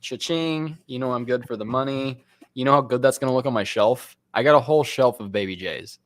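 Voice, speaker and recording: A man's voice: mid-range voice, brisk, no room sound. A man co-hosting a live reselling stream, talking casually with lots of "like" and "bro". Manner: casual, filler-heavy, saying "like" and "bro" a lot. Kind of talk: casual livestream chat.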